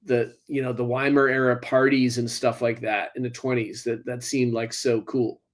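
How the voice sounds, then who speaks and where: A man's voice: medium pitch, level tone, moderate pace. A man, an actor, answering interview questions casually, hesitant and wry. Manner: hesitant, many fillers, wry. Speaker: actor guest.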